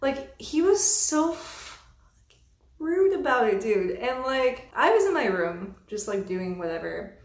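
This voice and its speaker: A young woman vlogger telling a storytime about a bad roommate, exasperated and animated, swearing freely. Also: fairly high pitch, measured pace. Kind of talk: casual storytime monologue. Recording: roomy echo.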